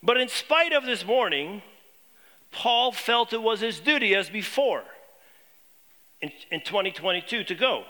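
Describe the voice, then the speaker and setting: A man preaching a sermon to his congregation, posing questions and dropping low and quiet on key points. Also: animated, unhurried, pauses often. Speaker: pastor.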